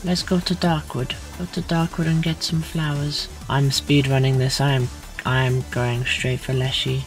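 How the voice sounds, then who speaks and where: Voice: medium pitch, level tone, normal speed, over music. A streamer giving casual gaming commentary in a playful way, often muttering whispered sound effects and repeating filler words.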